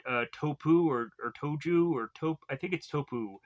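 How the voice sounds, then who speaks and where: A man's voice: on the high side, normal speed, highs cut off. A young adult man recapping a movie in a casual, rambling way full of fillers. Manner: rambling, filler-heavy retelling. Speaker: film reviewer.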